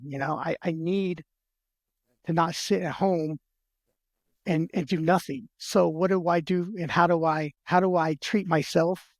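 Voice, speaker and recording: A man pours out his own story as a podcast guest, earnest and heartfelt, stumbling into restarts and repeated words as he goes. His voice sits a touch high for a man and turns gravelly at the ends of phrases. The sound is close and dry, with no room behind it. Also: darkish tone, no room sound. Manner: earnest, heartfelt, retells conversations in quick back-and-forth. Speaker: podcast guest, military veteran. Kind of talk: emotional personal storytelling in a podcast interview.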